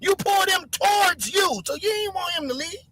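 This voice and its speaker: A live stream host giving heated commentary, answering chat and mocking commenters by name while shouting. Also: extremely high pitch, animated, brisk, slight background noise, poor audio.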